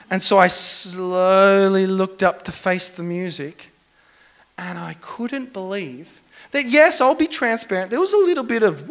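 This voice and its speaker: A young man preaching a sermon as a lively, self-mocking storyteller. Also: high voice, a little slow. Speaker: pastor.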